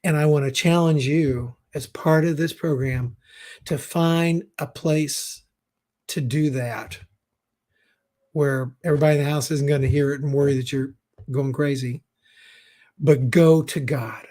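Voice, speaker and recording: A middle-aged man hosts a live-stream talk show, his voice pitched a little above the usual for a man. He reads viewer comments aloud and talks to his listeners in an encouraging, folksy way, reassuring them often. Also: steady tone, unhurried, darkish tone. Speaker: show host.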